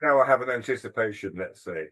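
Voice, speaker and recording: A man's voice: medium pitch, lively intonation, fast, noisy background. An older man, a musician being interviewed, telling stories in a thoughtful, hesitant, self-deprecating way. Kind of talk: casual interview storytelling.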